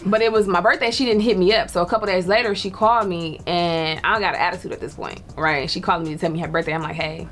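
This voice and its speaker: A woman tells a personal story in a relaxed, chatty way. She laughs often and acts out other people's lines as she goes. Faint music plays underneath. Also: on the low side, fast, few pauses. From Detroit. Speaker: storyteller guest. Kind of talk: casual storytelling.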